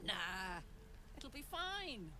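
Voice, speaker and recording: A woman's voice: high voice, sing-song, takes it slowly, sharp tone, a little hiss or hum, heavily acted. A woman voicing a brash, fiery female tiefling warrior who is blunt, eager and swears freely.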